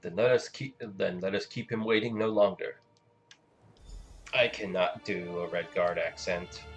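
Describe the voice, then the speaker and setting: A man's voice: low voice, steady tone, measured pace, low-quality recording. A man streaming a game, reading the player's dialogue aloud in a plain, slightly hesitant way. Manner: plain, hesitant and self-deprecating. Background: game music.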